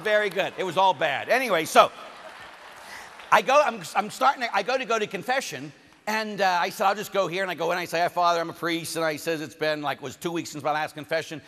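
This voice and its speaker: Priest preaching to a big crowd, bright tense voice, pitch all over, long hall echo. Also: male voice. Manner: animated storytelling, acts out the people he quotes. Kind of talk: conference sermon. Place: large conference hall. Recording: hall reverb from a venue PA.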